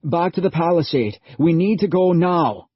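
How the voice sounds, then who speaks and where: A man's voice: a little high, expressive, moderate pace, breathy edge, no room sound, highs cut off, voice pushed up. A man voicing an urgent, commanding young man leading a group in danger.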